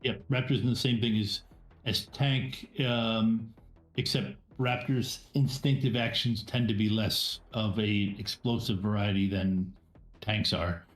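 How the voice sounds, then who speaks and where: A man's voice: lowish voice, fairly even intonation, echoey room. A man narrating a tabletop game as game master, hesitant and full of fillers and restarts. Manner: halting, many fillers and restarts.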